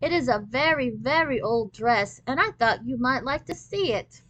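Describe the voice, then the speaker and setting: A woman voicing a cheerful young female substitute teacher who talks slowly and carefully, like speaking to small children. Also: sits high, animated, fairly bright tone, muffled recording, pitched above the performer's own voice. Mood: sing-song. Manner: slow, sing-song, overly careful teacher talk.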